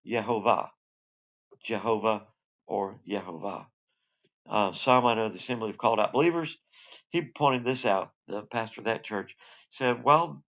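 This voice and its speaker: A man's voice: mid-range voice, a bit bright, lo-fi sound. A man teaching a recorded Bible lesson, explaining in a conversational way with asides. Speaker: Sunday school teacher.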